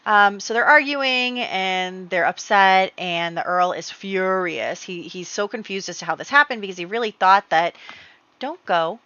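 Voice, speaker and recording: A woman's voice: lowish voice, bright, forceful tone, smooth, no room sound. A woman casually narrating her gameplay story, chatty and full of fillers. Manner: chatty, storytelling with many fillers and quick acted quotes. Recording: dull, lo-fi home mic.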